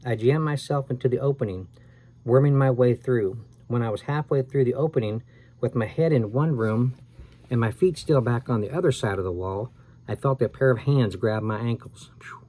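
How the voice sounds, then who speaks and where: Male storyteller, mid-pitched voice, expressive read-aloud of a spooky kids' book, small self-corrections. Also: moderate pace. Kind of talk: dramatic read-aloud of a scary children's story.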